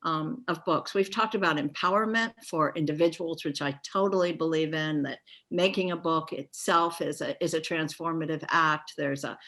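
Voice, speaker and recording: A woman's voice: low voice, normal speed, few pauses, fairly bright tone. A woman moderating an art panel discussion, thinking aloud with many restarts and "you know"s.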